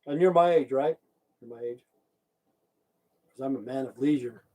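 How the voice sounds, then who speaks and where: This man's voice is mid-range and dark, moving at a moderate pace, and the recording is rough. Ranting casually on his livestream, he rambles, curses heavily, says "okay" again and again, and replies to viewers in the stream chat.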